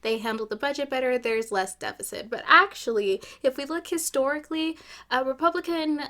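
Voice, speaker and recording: Gaming vlogger, woman, a bit high voice, opinionated and chatty. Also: fairly quick, pushed and bright. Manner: opinionated, chatty, jokey asides. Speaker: gaming YouTuber. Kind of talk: casual gameplay commentary.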